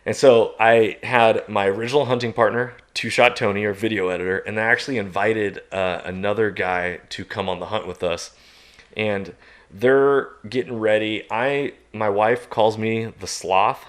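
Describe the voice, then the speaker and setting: A man, a podcast guest, telling a long outdoor story in a lively way, laughing and jumping into loud high shouts as he acts it out. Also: normal speed. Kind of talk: animated storytelling.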